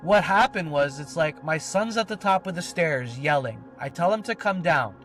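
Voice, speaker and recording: Soft music plays behind a man whose animated voice sits on the high side, with a fairly bright tone and moderate pace. He's co-hosting a podcast, telling a rambling personal story with swearing and many fillers.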